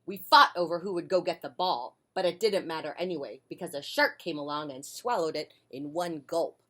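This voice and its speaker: A woman reading a children's picture book aloud on a porch, with a gentle, friendly delivery. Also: deep voice, moderate pace. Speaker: children's storyteller.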